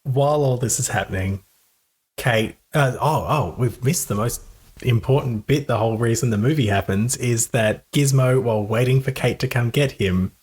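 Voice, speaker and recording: A man's voice: medium pitch, moderate pace, a little mellow, slightly rough. A man co-hosting a casual film-review podcast, chatty, laughing often and restarting his sentences. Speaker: podcast co-host.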